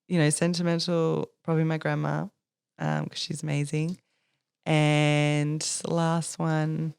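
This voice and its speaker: A young Australian sommelier guests on a casual podcast, chatting in a bubbly way, laughing often and acting out what people say. Her voice is low-pitched and gravelly, with a clean tone.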